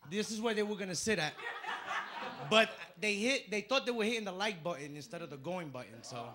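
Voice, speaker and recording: A man from the Dominican Republic doing a stand-up comedy set on a club stage into a handheld mic, telling stories with punchy, animated delivery. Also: sits high, a little fast, background noise. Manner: punchy, animated storytelling with acted-out voices.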